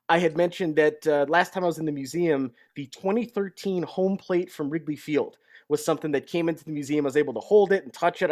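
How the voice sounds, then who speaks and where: Young man with a higher voice, chatty sports-show co-host, dry recording. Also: no room sound. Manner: chatty storyteller. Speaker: podcast co-host. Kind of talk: casual sports talk.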